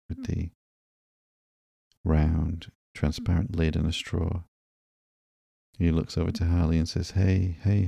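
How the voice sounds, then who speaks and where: Sleepy podcast guy reading comics, super flat and mellow, dry close sound. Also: sits low, gravelly, dry recording. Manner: calm, drowsy, unhurried. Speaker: podcast host. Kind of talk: slow, sleepy comic book narration.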